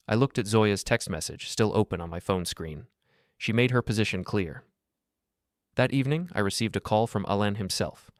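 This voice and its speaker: Calm, cold, low-voiced male narrator. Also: moderate pace, no room sound, clean studio sound. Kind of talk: scripted first-person narration.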